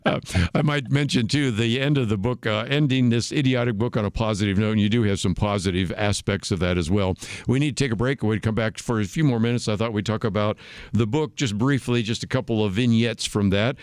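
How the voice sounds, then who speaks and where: A man hosting a radio talk show, speaking in a measured, formal way. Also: lowish voice, clear, resonant tone, dry recording, studio quality. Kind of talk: radio interview.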